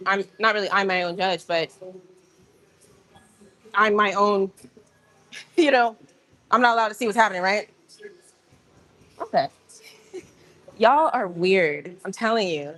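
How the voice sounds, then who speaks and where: A woman hosting a casual livestream from a gym, talking straight to her viewers in an animated, rambling way. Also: medium pitch, normal speed, long pauses, no room sound. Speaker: livestream host. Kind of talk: casual live-stream chat.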